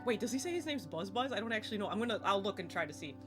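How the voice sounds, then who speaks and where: A young woman streaming a game live, chatting excitably, laughing and swearing casually as she plays. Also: medium pitch, rapid-fire. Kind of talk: live gameplay commentary. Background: faint game music.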